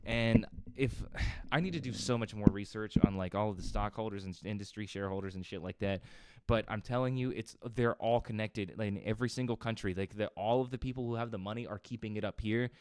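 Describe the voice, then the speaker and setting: Agitated man ranting in a smooth voice. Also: on the low side, brisk, a little mellow, dry recording. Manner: profane, agitated, rambling. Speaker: reaction video host. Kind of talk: heated ranting commentary.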